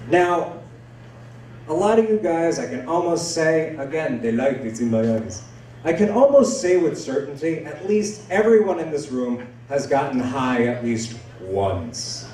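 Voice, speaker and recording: Crude, lively young stand-up comedian. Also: male voice, fairly high pitch, measured pace. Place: comedy club stage. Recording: echoey room from far off.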